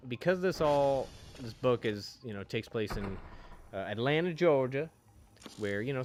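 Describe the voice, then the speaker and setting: A man's voice: medium pitch, slight background noise. A man streaming a game, chatting casually with lots of fillers and swearing. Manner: rambling, profane, frequent fillers. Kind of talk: casual chat while streaming.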